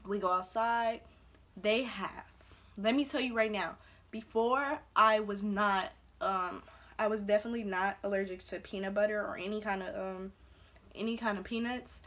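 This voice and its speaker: A young adult woman from Belize tells a story to her vlog audience in a relaxed, chatty way. She fills her sentences with "like" and acts out what other people said. Her voice sits at an ordinary middle pitch. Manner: chatty, heavy use of "like", acts out quotes. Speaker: vlogger. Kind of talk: casual storytime.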